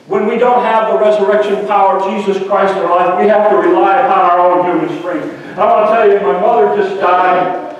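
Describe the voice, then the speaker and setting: High-voiced preacher in an echoey hall. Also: male voice, slight background noise. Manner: storytelling preacher, rises to shouting refrains. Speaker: pastor. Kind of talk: Easter sermon. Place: large church hall. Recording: echoey church hall from a distance.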